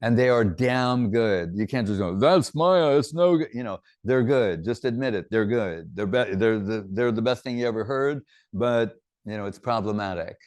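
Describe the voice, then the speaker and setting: A man's voice: on the low side, moderate pace, a little mellow, dry recording. A man giving an informal religious talk, drifting from teaching into rambling personal anecdotes.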